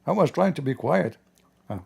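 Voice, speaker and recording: Gravelly sarcastic man. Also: a little high, animated, normal speed. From Arab world. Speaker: host reacting to news clips. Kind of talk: mocking live commentary.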